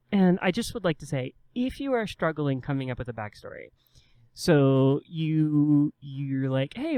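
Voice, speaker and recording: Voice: mid-range voice, darkish tone, clear, resonant tone, no room sound. A podcast co-host giving casual advice, explaining step by step and acting out a new player's inner questions.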